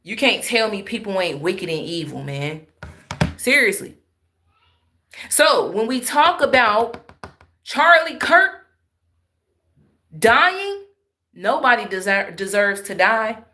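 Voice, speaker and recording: A woman's voice: medium pitch, big pitch swings, slow pace, pauses often, sharp tone, a little hiss or hum. A married woman telling viewers an upsetting story in an emphatic, emotional way, speaking straight to her audience. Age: adult, married. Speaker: vlogger.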